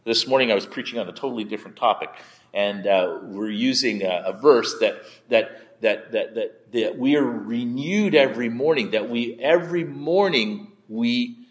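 A male pastor preaching in a conversational, candid way, often halting and repeating words as he tells a personal story. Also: medium pitch, in a large hall.

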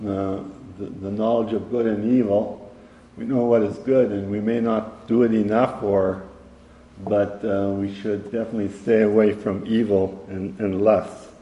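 A man teaching a Bible study, halting often with fillers and reading verses aloud. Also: on the low side, little pitch movement, warm tone, highs cut off. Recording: echoey hall with long reverb.

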